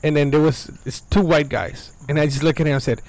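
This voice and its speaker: A man's voice: a little high, fairly even intonation, fairly quick, darkish tone. A man co-hosting a podcast in casual chat, joking and teasing his co-hosts. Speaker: podcast co-host. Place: backyard.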